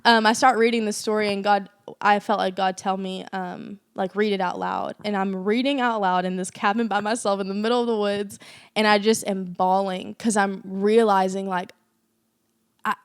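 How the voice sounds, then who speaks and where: A woman's voice: medium pitch, steady tone, moderate pace, smooth, no room sound, clean studio sound. A young woman co-hosting a faith podcast, telling a personal story in earnest casual chat with lots of fillers. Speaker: podcast co-host.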